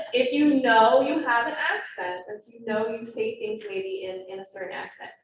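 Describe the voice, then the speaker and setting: A naturalist training presenter, a young adult woman with a fairly high voice, speaks to a room of trainees in a quick, chatty, self-aware way. The meeting room serves both in-person and online viewers, and the audio is echoey, far-miked and faintly noisy.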